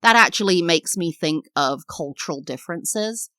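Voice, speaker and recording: A woman in her thirties from England with an English accent, hosting a personal podcast in a candid, reflective way and sometimes acting out lively quoted voices. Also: on the low side, moderate pace, no room sound, clean studio sound. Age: 30s. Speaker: podcast host. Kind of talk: personal solo podcast talk.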